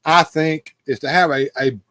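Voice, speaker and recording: Man, show host, casual rambling chat, slightly high voice, dry close sound. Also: steady tone, normal speed, fairly bright tone, dry recording. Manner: rambling, restarts often.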